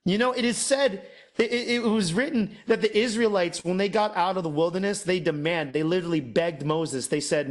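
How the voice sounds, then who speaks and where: A man hosting a masterclass, mixing an emphatic sales pitch with sermon-like preaching, repeating phrases for effect and mimicking doubters. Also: a little fast, hardly any pauses. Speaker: host, off-grid masterclass presenter.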